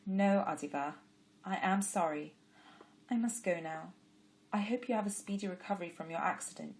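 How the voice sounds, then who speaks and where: A woman narrator plays a young woman of ancient times, kind but sharp-tongued, quick to scold and slow to open up. Her voice rises high and loud when roused, then turns curt and guarded. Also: lightly acted. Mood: defensive.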